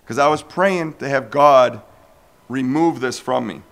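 A man preaching a storytelling sermon, animated and acting out dialogues as he goes. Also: mid-range voice, unhurried, vocal fry.

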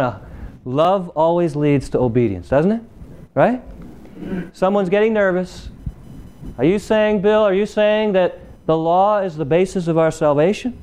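A man's voice: high voice, darkish tone, clear, resonant tone. A male preacher giving a sermon, emphatic and repeating key phrases, firing rhetorical questions at the congregation.

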